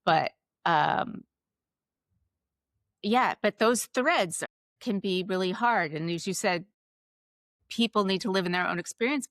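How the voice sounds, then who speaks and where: A woman host with a lowish voice speaks in a thoughtful, measured way. The sound is close and dry, with little room echo. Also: fairly bright tone. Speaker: podcast host. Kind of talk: conversational interview.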